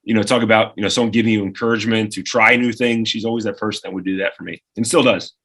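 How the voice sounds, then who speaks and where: Bright-voiced, animated man. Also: lowish voice, quick pace, slightly rough. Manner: animated storyteller who acts out quoted voices. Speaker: radio co-host and producer, podcast guest. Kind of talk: lively anecdote-telling in conversation.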